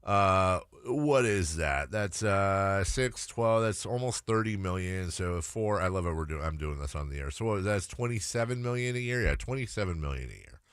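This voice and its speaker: Male sports radio host, opinionated, lively pitch, dry close studio sound. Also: normal speed, few pauses, smooth, dry recording. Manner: animated, opinionated, thinking aloud.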